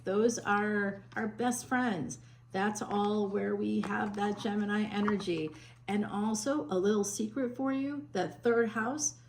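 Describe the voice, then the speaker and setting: A woman's voice: medium pitch, slight background noise, poor audio. A woman psychic giving a chatty tarot reading, with a Northern US accent that slips toward Southern, full of fillers and restarts. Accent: Northern US, drifting Southern. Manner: chatty, warm endearments, frequent fillers and restarts.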